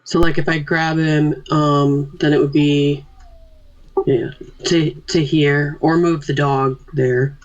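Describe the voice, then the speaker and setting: A tabletop player talking slowly and tentatively in an even, flat voice. The sound is dull and lo-fi. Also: medium pitch. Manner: slow, tentative. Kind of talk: tabletop game play. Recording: dull lo-fi mic.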